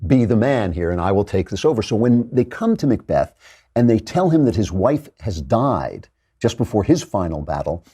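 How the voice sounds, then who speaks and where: A man's voice: on the low side, very animated, normal speed, warm tone, slightly rough. A man hosting a commentary monologue, earnest and lecturing, with frequent restarts. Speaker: host.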